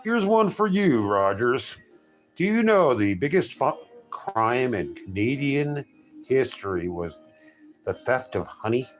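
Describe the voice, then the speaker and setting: A man's voice: medium pitch, very animated, slow, faint music behind. A middle-aged man chatting casually with viewers as a streamer, telling jokey stories with frequent restarts and self-corrections. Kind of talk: casual rambling chat.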